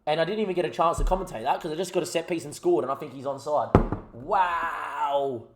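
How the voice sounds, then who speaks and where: A young man with a slightly high voice commentates his football management save. He talks at the players and the game on screen in an animated way, in the relaxed tone of a gaming YouTuber. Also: a little fast, a little hiss or hum.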